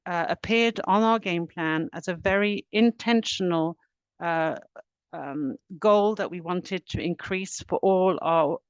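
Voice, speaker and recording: A woman's voice: fairly low pitch, clear, resonant tone, no room sound, highs cut off. Earnest middle-aged woman presenting a webinar. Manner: earnest, steady explaining, lists actions step by step.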